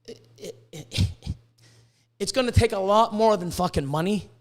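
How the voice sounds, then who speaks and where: This high-voiced Canadian man hosts a casual podcast chat at normal speed. He makes his points emphatically, with plenty of swearing and repeated words he trips over.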